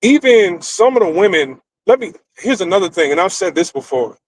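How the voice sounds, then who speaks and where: A middle-aged American man with a fairly high-pitched voice rants through a story. He talks in a blunt, profane, animated way, like a casual stream host. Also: fairly quick, rough recording.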